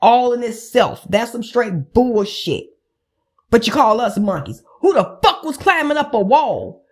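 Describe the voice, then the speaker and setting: A woman's voice: on the high side, very animated, a little slow, a little mellow, husky. A woman podcast host, ranting in a heated, profane, emphatic way. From United States. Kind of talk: angry political rant.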